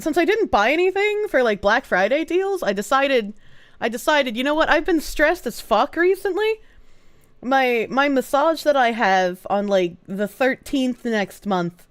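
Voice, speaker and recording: A young woman streamer chats loosely with her viewers, swearing and laughing as she goes. Her voice sits high and swings widely in pitch. She is recorded close and dry, with a slightly thick sound from her sore tongue. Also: dry recording. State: talking around a sore swollen tongue. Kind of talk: casual live-stream chat.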